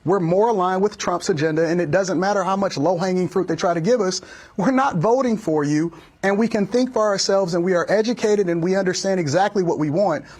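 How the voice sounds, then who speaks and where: A man's voice: high voice, a little fast, darkish tone. A man giving heated political commentary, emphatic and hammering points by repeating them. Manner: emphatic, repeats phrases for force.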